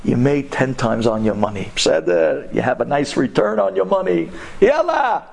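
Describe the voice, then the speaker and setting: A man voicing an excitable, pushy male taxi driver, pleading loudly and mixing in Hebrew phrases. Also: on the high side, normal speed, vocal fry, exaggerated voice. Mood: agitated pleading.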